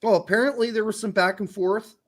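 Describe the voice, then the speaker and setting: A man's voice: high voice, fairly even intonation, a little fast, fairly bright tone. A man co-hosting a soccer podcast in casual chat, blunt and profane. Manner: blunt, profane, jumps into mock voices. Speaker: podcast co-host.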